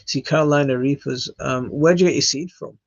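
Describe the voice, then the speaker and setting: Host: man, gravelly, husky, casual live Q&A, hesitant delivery, dull dry recording. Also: medium pitch, no echo. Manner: halting, reading out comments with many fillers. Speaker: channel host answering viewer questions.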